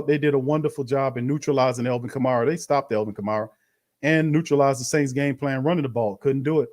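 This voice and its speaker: A man's voice: mid-range voice, darkish tone. A man hosting a live-stream watch party, commenting bluntly on a loss and calling his viewers fam. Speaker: sports show host.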